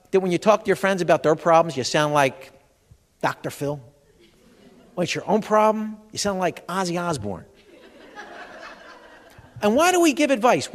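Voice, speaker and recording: A man giving a comedic health seminar, firing jokey questions at the audience in a large expo hall. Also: high voice. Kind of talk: stand-up style seminar talk. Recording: long hall reverb from a live venue.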